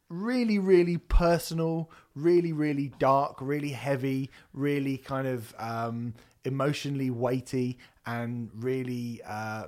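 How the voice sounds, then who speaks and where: A man co-hosting a podcast in casual chat, animated and sweary, breaking into bits of song. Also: medium pitch. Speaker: podcast co-host.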